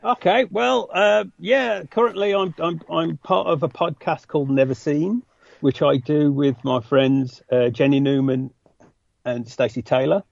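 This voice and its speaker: A man's voice: fairly high pitch, steady tone, measured pace, vocal fry, no room sound, muffled recording. A man with a West Midlands English accent, a podcast guest chatting casually in a self-deprecating way. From West Midlands, England. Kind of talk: casual chat.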